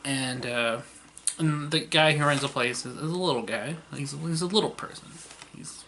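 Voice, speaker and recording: A man talking through an old TV series in a loose, rambling vlog, with fillers and chuckles everywhere. His voice sounds bright and forward, at an ordinary middle pitch. Faint noise hums underneath. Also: moderate pace. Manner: rambling, lots of fillers and laughter. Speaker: vlogger. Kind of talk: casual retelling of a TV series.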